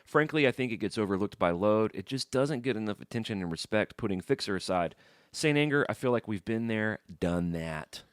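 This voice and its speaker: A man's voice: lowish voice, animated, fairly quick, clear, resonant tone, no echo, clean studio sound. A man co-hosting a casual podcast, joking around and reading fan messages aloud. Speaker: podcast co-host.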